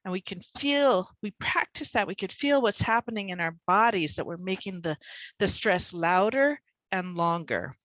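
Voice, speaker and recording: A woman's voice: mid-range voice, expressive, moderate pace, a bit bright, no echo, low-quality recording. Woman, tutor, casual teaching talk, punches stressed words, video call, dry close sound. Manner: conversational, demonstrates stressed words with extra punch. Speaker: reading and spelling tutor. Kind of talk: explaining teaching method to other teachers.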